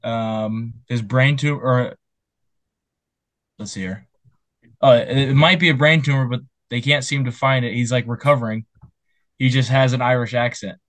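A man's voice: medium pitch, steady tone, moderate pace, pauses often, a bit bright, dry recording. A young man co-hosting a podcast in casual chat, reading out news stories in a jokey way. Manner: jokey, laughs while talking.

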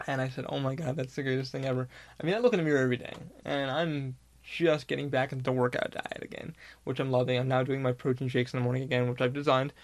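A man's voice: medium pitch, fairly even intonation, quick pace. A man hosting his own podcast, talking candidly and rambling in a casual monologue, swearing often and laughing now and then. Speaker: podcast host.

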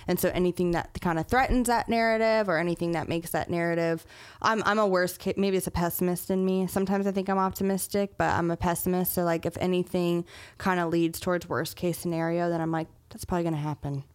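A young adult woman hosting a casual faith podcast, chatty and quick to laugh, often restarting her sentences. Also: fairly low pitch, fairly even intonation, clear, resonant tone. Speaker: podcast host.

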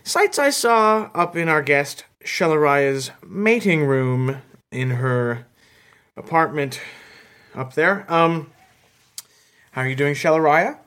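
Casting: male comedy podcast host, slightly high voice, hesitant deadpan delivery. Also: slow pace, long pauses, smooth.

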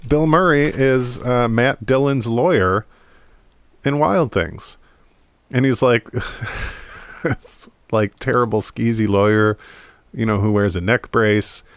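A man's voice: medium pitch, takes it slowly, long pauses, smooth, no echo. A man chatting casually and irreverently about a movie at home, rambling, swearing and laughing often. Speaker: movie commentator. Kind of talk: casual movie chat to camera. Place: home room in front of a DVD rack.

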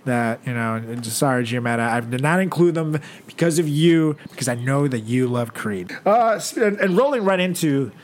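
A man's voice: medium pitch, moderate pace, few pauses. A man co-hosting a casual podcast, joking and rambling, cursing freely and slipping into silly impressions. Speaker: podcast co-host. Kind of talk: casual chat.

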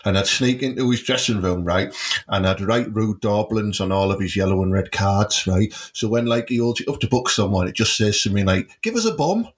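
A man co-hosting a podcast, telling crude jokes and animated stories. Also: lowish voice, brisk. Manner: crude, joking, animated storytelling. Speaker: podcast co-host. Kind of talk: casual podcast banter.

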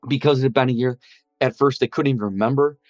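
A man gives earnest personal testimony about a near-death experience, acting out what others said to him. He speaks fast in a mid-range voice; the recording is dry yet muffled, with soft music underneath.

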